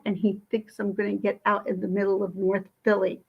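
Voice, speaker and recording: A woman vlogger telling a story in a casual, indignant and animated way. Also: mid-range voice, creaky, husky. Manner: indignant, animated, quick talk.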